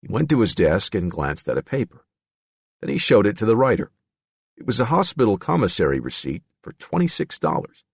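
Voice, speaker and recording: A man narrating an audiobook in a measured, expressive storytelling manner. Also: lowish voice, vocal fry, husky, dry recording.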